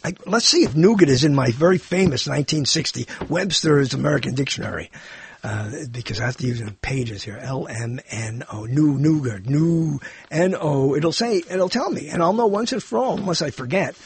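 A man hosting his own show, rambling playfully through comic digressions and wordplay on a boom mic. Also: expressive, normal speed, slight background noise. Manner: playful, digressive, bursts into singing and silly wordplay. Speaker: show host.

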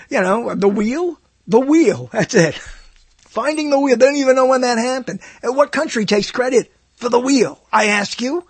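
Animated, rambling older male radio host. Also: high-pitched, breathy edge, no room sound. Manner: animated, digressive, self-interrupting with laughs. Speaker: radio talk show host. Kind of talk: rambling on-air monologue. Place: radio studio, seated.

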